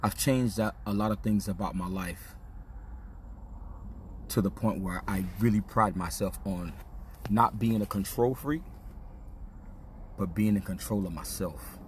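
A man's voice: on the low side, unhurried, pauses often, a little hiss or hum. A man hosting a podcast, telling a personal story in a casual, slang-heavy, confessional way. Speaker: podcast host. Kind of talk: candid storytelling monologue.

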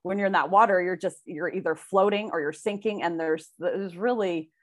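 A woman co-hosting a podcast, reflective and soft-spoken, with many fillers. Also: lowish voice, normal speed. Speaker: podcast co-host. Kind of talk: casual podcast chat.

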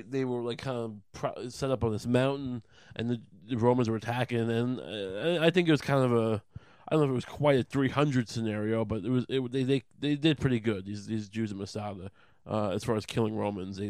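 A young man talks in a loose, rambling way, full of swearing and sarcasm. He restarts his sentences again and again. His voice has a middling pitch and sounds dry and close to the mic. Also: darkish tone, no room sound. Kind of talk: casual profane retelling.

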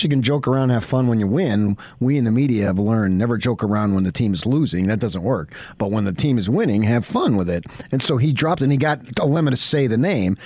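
A man's voice: medium pitch, no room sound. A man hosting a sports radio show, enthusiastic and rambling through long stories and questions. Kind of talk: casual radio interview.

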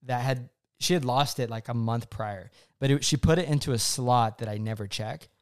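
A man's voice: medium pitch, moderate pace, clean tone. A young man, co-host of a chat, telling a personal story casually and acting out what he said back then. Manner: animated, acts out his own past quotes.

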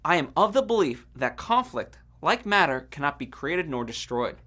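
A man's voice: on the high side, very animated, moderate pace, bright, forceful tone. A man hosting a podcast, delivering an earnest, reflective scripted monologue. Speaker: podcast host.

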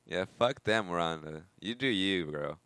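Very low-voiced woman cracking wry quips. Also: animated, measured pace, fairly bright tone, smooth, dry recording. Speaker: co-host reacting to a movie. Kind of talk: casual movie reaction chat.

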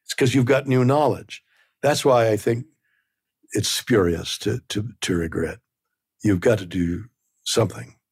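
Casting: man in his 90s, low husky voice, reflective and halting, dry close sound. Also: no room sound. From Canada. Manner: halting, repeats words, meandering. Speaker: interview guest. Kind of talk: reflective conversation.

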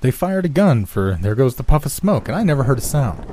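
A man's voice: medium pitch, sing-song, fairly quick, background noise, pitched above the performer's own voice, lightly acted. A man voicing a dazed, frightened male lab scientist who rambles in bewilderment. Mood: confused.

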